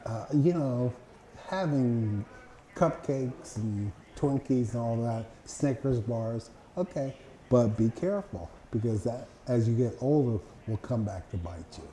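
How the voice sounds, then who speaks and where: An older man speaks as a guest in a slow, halting way, full of fillers, his words loosening as he tires. His voice is mellow and dark. The room rings with echo, and faint noise sits under him. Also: medium pitch. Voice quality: speech that tires and falls apart. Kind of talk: interview answers.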